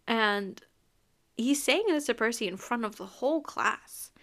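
A woman's voice: a little high, animated, unhurried, a bit bright. A young woman hosting a podcast, talking casually and emphatically about a book, laughing often as she reacts. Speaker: podcast host.

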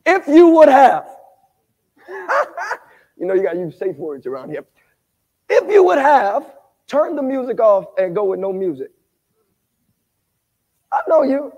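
A man preaching at a Bible study, animated, quizzing the congregation and rising to shouts. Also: extremely high pitch, unhurried, long pauses, in a large hall. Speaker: pastor. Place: church sanctuary.

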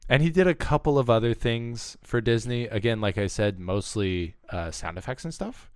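A man co-hosting a podcast in relaxed, chatty talk with plenty of fillers. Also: mid-range voice, normal speed, smooth, dry recording, studio quality. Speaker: podcast co-host. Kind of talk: casual podcast chat.

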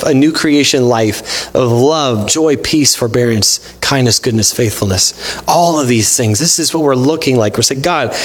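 A man with a fairly high voice gives a relaxed, conversational sermon. He acts out back-and-forth exchanges with God in his own voice, sprinkling in casual fillers as he goes. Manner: frequent fillers like "like" and "you know". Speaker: pastor.

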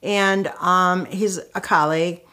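A woman's voice: on the low side, fairly even intonation, slow, bright, forceful tone, clean tone. A middle-aged woman, a guest on an interview show, telling her story in an emotional, candid way with many fillers and restarts. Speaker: guest, author and anti-violence activist. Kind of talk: conversational storytelling.

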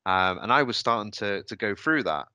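Telling a personal story on his podcast, this host has a very low yet bright, forceful voice that's expressive, clear, and resonant. He hesitates, pauses, and restarts while reflecting, and the recording is dry and close-miked.

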